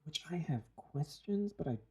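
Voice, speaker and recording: Wry guy cohosting a podcast, dry jokes, swoopy lively pitch. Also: normal speed. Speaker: podcast co-host. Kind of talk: casual chat about reality TV.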